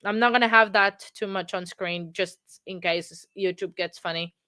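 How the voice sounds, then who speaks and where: A woman hosting a true crime livestream, talking casually with many pauses, fillers and restarts. She moved to England from abroad. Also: mid-range voice, bright, forceful tone. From from outside England.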